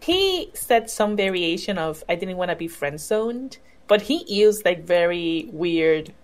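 Lively-voiced woman in casual chat. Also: lowish voice, measured pace. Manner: chatty, laughs often, many backchannels. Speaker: podcast co-host.

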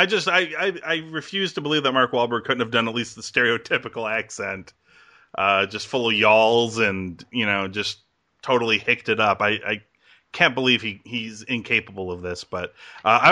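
A man's voice: mid-range voice, moderate pace, bright, forceful tone. A man hosting a podcast in casual chat, rambling with frequent laughs and restarts. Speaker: podcast host.

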